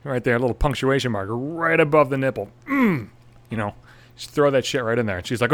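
A man's voice: medium pitch, sing-song, brisk. A young man, a podcast host, telling a crude story in a sarcastic, swear-filled monologue.

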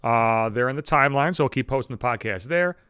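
A man's voice: mid-range voice, fast talker, fairly bright tone, clean tone, dry recording, clean studio sound. A man hosting a solo comedy podcast, ranting profanely and acting out other people's voices. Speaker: podcast host.

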